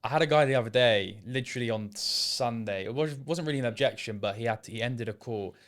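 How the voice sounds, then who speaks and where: This young English sales setter and ex-apprentice talks fast in a medium-pitched, slightly bright voice while being interviewed. His answers are casual and hesitant, frequently trailing off before he restarts.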